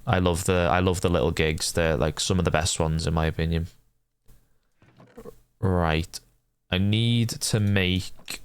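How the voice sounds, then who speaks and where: Young man streaming, low smooth voice. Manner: swears and shouts at game characters. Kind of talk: casual gameplay chat with viewers.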